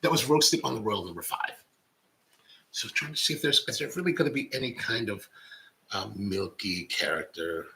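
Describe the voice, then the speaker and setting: Man, middle-aged, casual rambling coffee chat, animated pitch, bright tone. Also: moderate pace, gravelly, low-quality recording. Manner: rambling, reads viewer comments aloud. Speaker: coffee show host. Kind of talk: casual live-stream chat.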